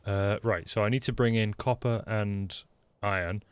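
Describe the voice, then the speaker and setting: A man's voice: lowish voice, fairly even intonation, moderate pace, clear, resonant tone. An English man with a mixed, mostly Lincolnshire accent, chatting loosely as he streams a game, full of ums and restarts. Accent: mixed English, mainly Lincolnshire. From England. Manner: rambling, self-deprecating, frequent ums and restarts. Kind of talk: casual livestream chat while playing. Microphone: desktop microphone.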